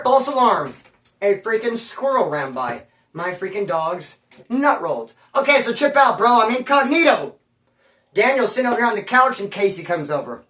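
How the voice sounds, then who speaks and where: A man telling a story in a rambling, slangy, animated way, recorded in a room at his home. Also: high voice. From Bakersfield area. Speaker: storyteller on his own channel. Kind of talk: casual storytelling. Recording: roomy, mic at a distance.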